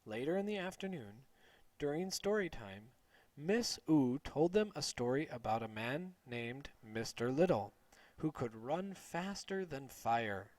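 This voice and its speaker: A man reading a children's story aloud slowly and clearly for English learners. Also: mid-range voice, no room sound. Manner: slow, clear, expressive.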